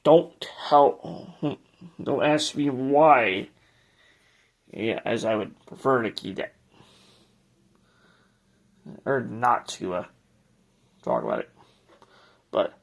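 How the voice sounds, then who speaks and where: A man's voice: medium pitch, creaky. A man hosting a casual tour of his ceiling fan collection, speaking in a hesitant, rambling way with frequent restarts.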